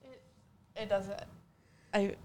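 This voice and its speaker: A woman's voice: medium pitch, steady tone, slow, mellow. Woman co-host from the Midwest, mostly brief "yeah" and "right" support. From American Midwest. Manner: short supportive replies and backchannels. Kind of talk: casual chat.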